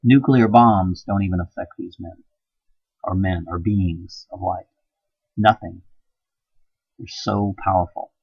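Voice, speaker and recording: A man giving an impassioned, preachy monologue, swinging between hushed and loud emphasis. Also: low voice, steady tone, takes it slowly, gravelly, long pauses, slightly rough, dry recording, lo-fi sound. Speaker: video blogger.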